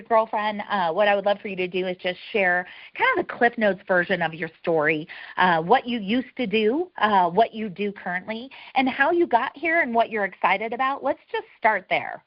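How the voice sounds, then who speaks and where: A woman's voice: mid-range voice, no echo. A woman hosting a network marketing call, talking in an enthusiastic, chatty way. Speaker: call host. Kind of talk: upbeat sales call hosting. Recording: dull lo-fi call audio.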